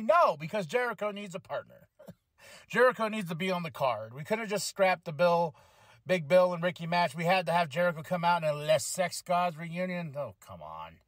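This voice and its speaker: Excitable, swearing male podcast host. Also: sits high, brisk, no room sound, studio quality. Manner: excitable, laughs often, swears freely. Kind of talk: casual chat review of a wrestling show.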